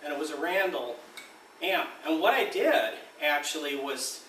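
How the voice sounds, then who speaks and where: A man's voice: on the high side, animated, normal speed, pushed and bright, roomy sound, distant mic, slight background noise, rough recording. A man being interviewed about an amplifier he designed, speaking casually and loosely with some mild swearing.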